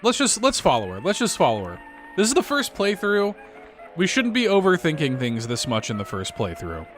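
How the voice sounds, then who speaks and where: A man's voice: on the high side, huge pitch swings, normal speed, fairly bright tone, faint music behind. A man hosting a let's-play, chatting and thinking aloud while he reads through a story game. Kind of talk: game playthrough commentary.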